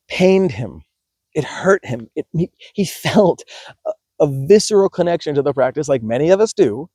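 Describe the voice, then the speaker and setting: A man's voice: fairly high pitch, darkish tone, dry recording, clean studio sound. A man, a yoga teacher, giving an emphatic, passionate podcast monologue with frequent restarts.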